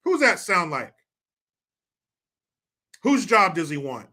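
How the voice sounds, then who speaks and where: A man's voice: high-pitched, very animated, takes it slowly, bright, forceful tone. A man hosting casual, profane commentary, sarcastic with muttered crude asides. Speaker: commentary host.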